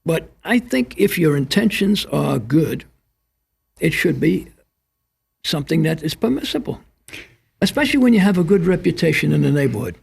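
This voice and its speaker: Sing-song and husky, this older man's fairly high-pitched voice has a darkish tone and some vocal fry, delivered at a moderate pace. A retired police instructor, he reflects on a studio panel for community TV, pulling lessons out of the stories he tells.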